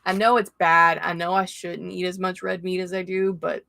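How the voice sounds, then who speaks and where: A woman's voice: lowish voice, little pitch movement, normal speed, vocal fry, sharp tone. A woman hosting a casual livestream as a tarot reader, chatting with viewers, greeting them by name and laughing often. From Florida.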